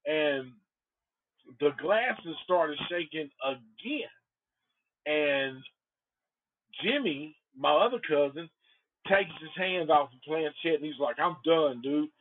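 A man's voice: fairly high pitch, slow pace, pauses often. Male podcast host, loose and profane, tells stories animatedly; lo-fi phone-quality audio. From Antioch. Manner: profane, rambling, animated storyteller. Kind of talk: casual storytelling.

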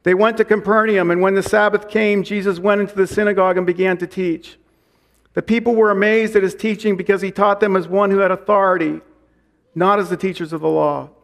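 A man with a high voice preaches to his congregation as pastor. He reads scripture aloud and slows down to repeat key lines for emphasis. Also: fairly even intonation, gravelly. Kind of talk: sermon.

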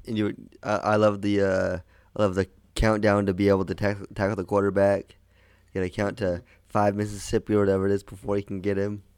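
A man co-hosting a podcast in casual chat, making dry, deadpan asides. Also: on the low side, fairly quick, clean tone, dry recording. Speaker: podcast co-host.

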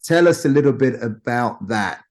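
Male business coach as interview host, formal welcomes, mid-pitch voice. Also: expressive, moderate pace. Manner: formal welcoming intro with stretched emphasis. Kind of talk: interview hosting.

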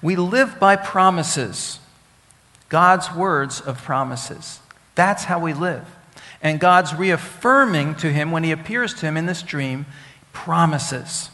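Preacher, male, somewhat high voice, emphatic and repetitive, questions the flock; long hall reverb. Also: slow pace, pushed and bright. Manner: teaching with Hebrew words, asks the congregation questions; emphatic, repeats key phrases. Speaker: rabbi. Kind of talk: sermon.

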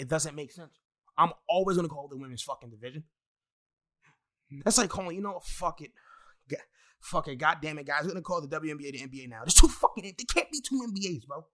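A young man hosting a solo podcast, talking in a profane, excitable, rambling way with many restarts. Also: medium pitch. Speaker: podcast host. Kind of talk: solo wrestling podcast rant.

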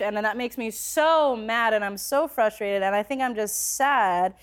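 A woman's voice: medium pitch, normal speed, hardly any pauses, clear, resonant tone. A young adult woman telling a personal story in a conversational way, full of filler words, growing passionate as she speaks. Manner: conversational, many filler likes, grows passionate.

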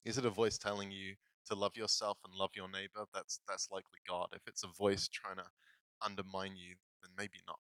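A man's voice: low-pitched, flat delivery, fairly quick, fairly bright tone, clear, resonant tone, no echo, poor audio. A male pastor giving a casual, self-deprecating sermon, laughing often as he talks. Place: church.

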